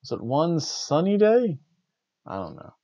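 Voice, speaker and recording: A man's voice: on the high side, wildly swooping pitch, a little slow, mellow, no room sound, muffled recording. A man hosting a wrestling review show, rambling in casual chat with wry, jokey asides. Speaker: wrestling review podcast host.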